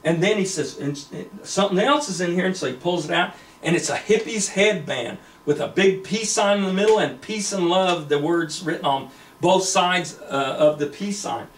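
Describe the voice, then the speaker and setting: A man's voice: high voice, normal speed, slight background noise. Man telling a rambling story in an echoey room. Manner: rambling, with many fillers and restarts. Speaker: storyteller pitching a screenplay. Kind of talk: casual spoken story retelling. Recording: echoey room, distant mic.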